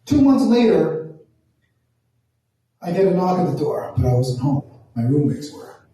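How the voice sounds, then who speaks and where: A man from Toronto telling a profane, animated stand-up story, acting out the voices in quotes. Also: fairly high pitch, unhurried. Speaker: stand-up comedian. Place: small performance room. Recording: echoey room from far off.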